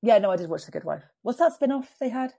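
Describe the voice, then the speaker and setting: A woman's voice: on the high side, expressive, gravelly, warm tone. A British woman co-hosting a podcast, joking and swearing in casual chat. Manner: swearing, joking, quick to laugh. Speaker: podcast co-host.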